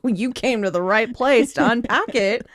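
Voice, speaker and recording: A woman's voice: a little high, measured pace, no echo. Chatty woman host, rambling delivery with lots of "um" and "like", dry close mic. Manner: chatty, rambling, with many fillers and laughs. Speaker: podcast host. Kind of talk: casual chat.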